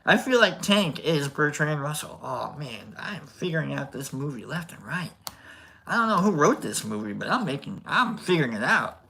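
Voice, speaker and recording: A man's voice: on the high side, big pitch swings, moderate pace, creaky, bright, forceful tone. A man hosting a casual live stream, rambling and joking, with bursts of mock outrage. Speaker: streamer host.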